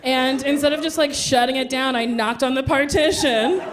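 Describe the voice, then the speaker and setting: A woman's voice: sits high, normal speed, soft background music. A woman telling brash, laughing stories in a stand-up comedy set, acting out voices, recorded live on stage. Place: comedy club stage before a live audience. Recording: live show with loud crowd laughter.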